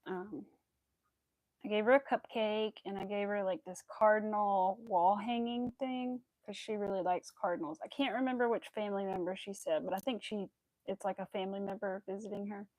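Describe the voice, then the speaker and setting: A woman's voice: mid-range voice, fairly even intonation, moderate pace, a little mellow, dry recording. A young woman chatting casually and rambling with fillers while she crochets on a livestream. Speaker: crochet streamer.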